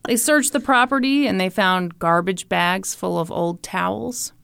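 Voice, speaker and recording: A woman's voice: mid-range voice, unhurried, creaky, slight background noise. A woman from Kansas City co-hosting a podcast, telling a story in casual chat, joking and quoting people in playful voices. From Kansas City, Missouri. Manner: animated, jokey, quotes people in playful voices. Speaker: podcast co-host.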